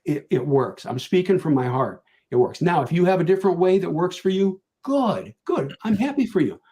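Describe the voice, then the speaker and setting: An older man talks on a video call, slightly high-voiced and sincere. He drives his points home by repeating them, like a veteran sharing hard-won lessons with a panel audience. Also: lively intonation, normal speed, mellow. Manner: earnest, repeats key points for emphasis. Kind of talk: virtual conference panel talk.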